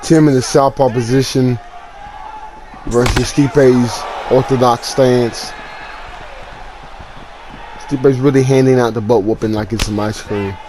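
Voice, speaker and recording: A man's voice: medium pitch, fairly even intonation, takes it slowly, pauses often, noisy background. A man giving casual, brash play-by-play commentary on a video game fight and trash-talking a fighter. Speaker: gaming commentator. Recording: music playing underneath.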